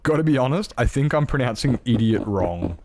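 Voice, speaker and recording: A man's voice: medium pitch, animated, fairly quick, a little mellow, no room sound. An Australian man chatting casually while streaming a game, rambling and joking at his own expense. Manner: rambling, self-mocking, lots of restarts and laughs. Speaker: Minecraft streamer. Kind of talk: casual live-stream chat.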